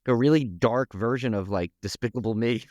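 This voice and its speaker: This horror podcast co-host has a medium-pitched, slightly dark voice and talks at a moderate pace. The recording is dry and clean, studio-grade. His casual chat is jokey and rambling, packed with "like" and "uh."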